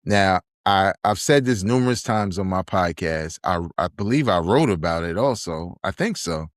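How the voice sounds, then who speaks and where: A man's voice: sits low, animated, normal speed, no echo, clean studio sound. A man, hosting a podcast and chatting casually, telling stories animatedly and acting out quotes. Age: 40s. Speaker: podcast host. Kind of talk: casual review chat.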